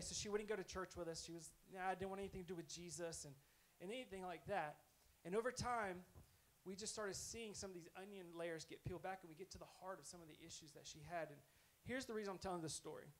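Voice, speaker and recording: A man with a fairly high voice preaches a sermon, telling stories in a conversational, earnest way and correcting himself as he goes. The recording is rough.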